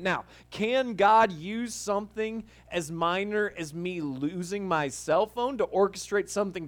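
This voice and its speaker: A man with a high voice tells a story in a loose, conversational sermon style. He talks as a pastor would to a congregation, often restarting his phrases. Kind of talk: casual sermon-style talk.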